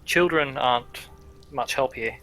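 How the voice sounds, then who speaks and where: Guy doing a wary hooded rebel boss, clipped and formal, bright sharp voice. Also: medium pitch, unhurried. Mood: skeptical. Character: hooded male resistance leader, curt and wary.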